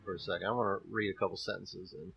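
A man's voice: deep voice, steady tone, rapid-fire, gravelly, slightly rough, muffled recording. A man from Missouri co-hosting a podcast, chatting casually and joking around with playful teasing. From Missouri, USA. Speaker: podcast co-host. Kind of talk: casual chat.

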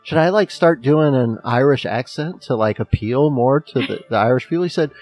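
A man's voice: mid-range voice, moderate pace, few pauses, a little mellow, faint music behind. A man with a Midwestern accent co-hosting a podcast in casual, joking chat, laughing often. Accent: American Midwestern. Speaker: podcast co-host.

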